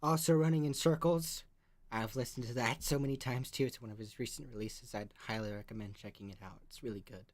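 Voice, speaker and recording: A music producer in casual chat, close to tears, emotional and apologetic, talking in halting bursts. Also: male voice, mid-range voice.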